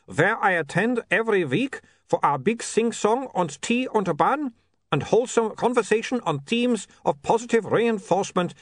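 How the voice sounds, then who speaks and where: A man's voice: sits high, no room sound, clean studio sound, voice pushed up. A man reading an audiobook voices a formal, eager male vampire photographer with stiff, foreign-sounding phrasing.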